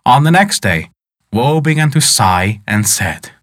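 A man narrating a folk tale in an expressive, dramatic way as the storyteller of the show. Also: mid-range voice, a little slow, no room sound, studio quality.

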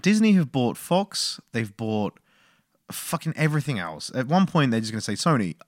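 A man co-hosting a film review podcast in an animated, chatty way, laughing often and tossing off quick mock voices. His pitch rises and falls a lot as he talks. The sound is close and dry, with no room echo. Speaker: podcast co-host. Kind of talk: casual film review chat.

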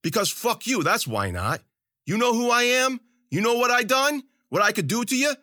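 A man voicing a defiant, foul-mouthed young thug who yells back at his captor. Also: mid-range voice, huge pitch swings, normal speed, no echo, studio quality, pitched above the performer's own voice, heavily acted. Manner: yelling, defiant, profane.

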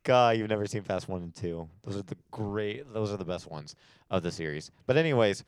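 A young man chatting casually as a podcast co-host, telling animated stories with lots of fillers. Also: lowish voice, a little fast, clear, resonant tone, dry recording. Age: young adult. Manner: animated storytelling with many fillers. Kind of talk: casual chat.

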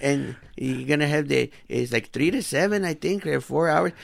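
Man playing a tipsy old grandma, loud, teasing, bawdy, raised pitch, gravelly. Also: moderate pace, dry recording. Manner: teasing, boozy, loud, sprinkles in Spanish words. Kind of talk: comedic improv character bit.

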